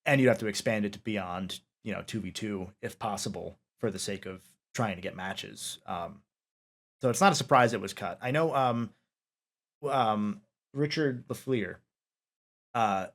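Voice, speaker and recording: A man's voice: fairly low pitch, moderate pace. A man hosting a casual interview, talking at length with many fillers and restarts. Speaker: interviewer, podcast host.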